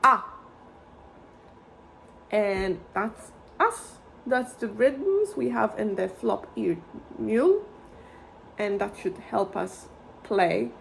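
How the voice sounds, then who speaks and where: A woman's voice: mid-range voice, expressive, slow pace, gravelly, a little mellow, slight background noise. A woman teaching a violin lesson, explaining rhythms patiently and chanting fruit words to count them out.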